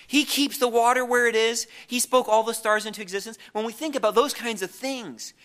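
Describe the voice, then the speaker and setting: A man's voice: very high-pitched, steady tone, brisk, fairly bright tone. A man preaching a sermon, reading scripture aloud and often restarting on repeated words.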